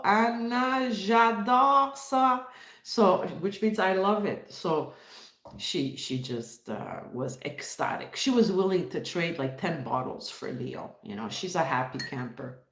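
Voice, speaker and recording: Chatty woman from Montreal, echoey room. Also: medium pitch. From Montreal, Canada. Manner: chatty, reads chat, greets viewers warmly by name. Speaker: livestream host. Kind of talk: casual live-stream chat.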